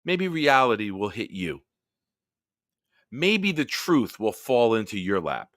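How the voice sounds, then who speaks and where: A man's voice: lowish voice, sing-song, takes it slowly, a bit bright, no echo, studio quality. Fired-up man ranting on a live stream. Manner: profane, heated ranting. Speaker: host. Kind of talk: live-stream sports rant and chat.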